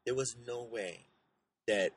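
A man co-hosting a podcast, chatting in an animated, gushing way about TV shows, rambling with restarts. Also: mid-range voice, slow, slightly rough, rough recording. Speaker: podcast co-host. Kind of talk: casual chat about TV shows.

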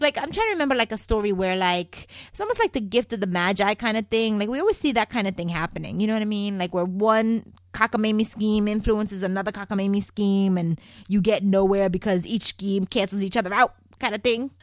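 A woman's voice: mid-range voice, brisk, dry recording, studio quality. A woman from Puerto Rico chatting in a sassy, gossipy way as she recaps a soap opera, calling her viewers "people". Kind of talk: casual chat.

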